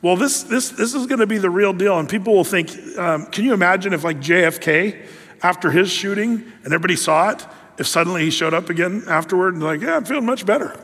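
Male pastor, high voice, rambling sermon delivery, hall reverb. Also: fast, a bit bright. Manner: rambling, many fillers and restarts.

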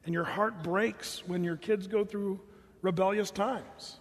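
High-voiced folksy pastor preaching. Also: male voice, fairly even intonation, unhurried, big-room sound. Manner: earnest and folksy, talks straight to the congregation. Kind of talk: sermon.

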